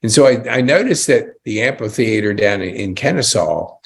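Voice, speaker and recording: A man's voice: fairly low pitch, lively intonation, normal speed, gravelly, slight background noise. A man hosting a casual interview podcast, chatty and enthusiastic with frequent exclamations. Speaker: podcast host.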